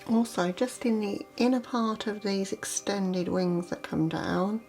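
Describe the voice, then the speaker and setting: A woman vlogger talking through a makeup look step by step in a relaxed, chatty way. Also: medium pitch, unhurried, soft background music. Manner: chatty, relaxed, explains as she works. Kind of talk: makeup tutorial narration.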